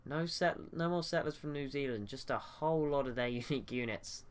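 Casting: man, mid-pitched and clear, casual game commentary, hesitant restarts, desk mic at home. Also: a little fast. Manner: thinking aloud, hesitant with restarts. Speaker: gaming YouTuber.

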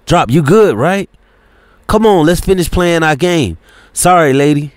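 A man voicing an easygoing friend who tries to calm a bar fight down. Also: fairly high pitch, a little slow, dry recording, pitched above the performer's own voice. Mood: placating. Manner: calming, placating.

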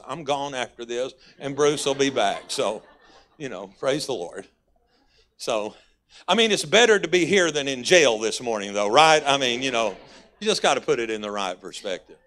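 A guest pastor with a Texas accent preaches in church with a mid-range, expressive, slightly bright voice at normal speed. His sermon is folksy and conversational, broken by sudden emphatic rises.

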